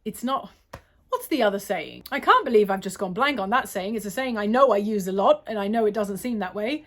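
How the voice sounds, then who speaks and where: A woman's voice: mid-range voice, lively intonation, a little fast, fairly bright tone. An Australian woman answering viewer questions in a casual, rambling way, often apologizing and correcting herself. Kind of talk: casual Q&A monologue.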